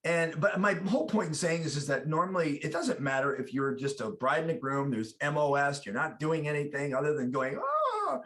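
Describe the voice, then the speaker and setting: A middle-aged American man being interviewed as an actor, chatting casually and telling animated stories with lots of restarts. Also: on the high side, a little fast, few pauses. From United States. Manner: animated storyteller, acts out quoted voices, many restarts. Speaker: guest actor.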